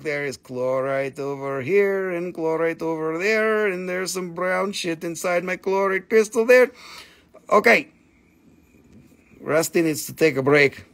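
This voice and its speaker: A slightly high-voiced man runs a live crystal sale. His chat is casual and full of jokes and crude asides, and he croons over the stones as he shows them. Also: fairly bright tone. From Appalachian Valley, United States. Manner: joking, crude asides, sing-song crooning. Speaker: live stream crystal seller.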